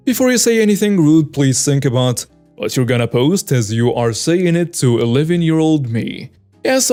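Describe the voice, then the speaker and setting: A man narrating a first-person story in a steady, scripted read-aloud delivery. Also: on the high side. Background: faint background music.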